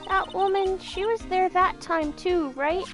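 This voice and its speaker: A woman's voice: extremely high pitch, unhurried, a bit bright, faint music behind. A woman voicing a shy, polite little girl with a timid manner. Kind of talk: game voice reading.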